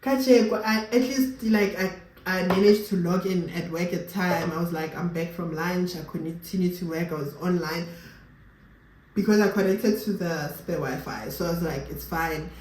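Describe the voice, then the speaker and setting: A woman's voice: on the low side, moderate pace, darkish tone. Young south african woman yapping to the camera, switches into sesotho here and there, roomy sound, bit of hiss behind. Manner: chatty, mixes Sesotho phrases into English. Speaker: vlogger. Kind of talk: casual storytelling to viewers. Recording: roomy with faint background noise.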